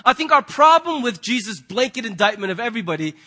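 Male pastor, sermon delivery; high-pitched, emphatic and conversational with casual asides. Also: very animated, fast, pushed and bright. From United States.

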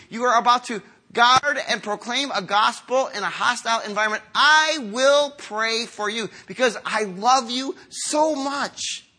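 A man in his fifties preaching a sermon to a congregation, earnest and conversational, moving from quiet, slow lines to emphatic ones. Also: extremely high pitch. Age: 50s. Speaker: pastor.

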